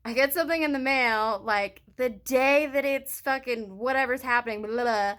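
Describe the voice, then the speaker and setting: A young woman talks straight into the phone she is holding and rambles through a story with plenty of swearing. Her voice sits high and sounds bright and forceful. It comes across as a casual, animated personal vlog. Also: normal speed. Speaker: vlogger. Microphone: hand-held phone.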